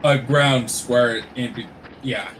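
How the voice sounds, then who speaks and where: A man's voice: medium pitch, fairly even intonation, takes it slowly, a bit bright, slight background noise. A man co-hosting a livestream, chatting casually with joking, laid-back banter while playing a game. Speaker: livestream co-host. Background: game music.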